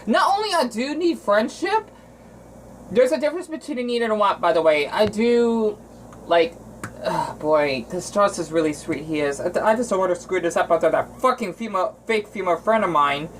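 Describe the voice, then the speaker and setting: A man from Arizona talking in a casual cooking vlog, rambling and emotional, with frequent restarts and halting phrases. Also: high voice, animated, slight background noise, low-quality recording. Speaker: vlogger.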